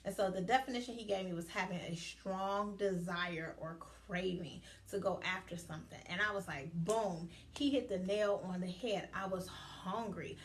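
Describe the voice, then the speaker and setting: A woman hosting her own podcast, telling a story in a casual, animated way and acting out both sides of a conversation. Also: fairly low pitch, normal speed, few pauses, a little hiss or hum. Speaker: podcast host.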